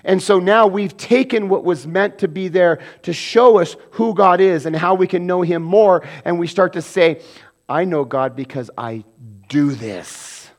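Man, pastor, sermon, slightly high voice, animated, loud bursts and hushed asides. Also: a little slow.

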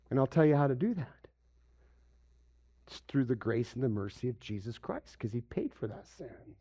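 A man's voice: normal speed, breathy edge. A man preaching a sermon as pastor, asking his listeners questions and acting out the lines he quotes. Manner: animated, acts out quoted voices with big pitch jumps; asks the congregation questions.

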